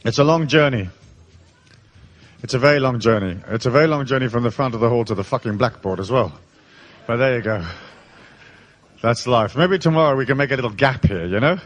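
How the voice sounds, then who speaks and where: A man's voice: mid-range voice, brisk, long pauses. A man giving a live seminar talk in a large hall, telling rowdy stories full of swearing. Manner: profane, storytelling, animated. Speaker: seminar speaker.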